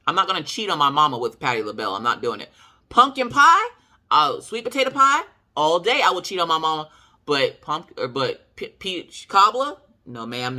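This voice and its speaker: A woman's voice: lowish voice, pushed and bright. A woman with a Southern US accent telling a story to her viewers in a sassy, emphatic way. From Southern United States. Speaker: vlogger. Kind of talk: casual storytelling to camera.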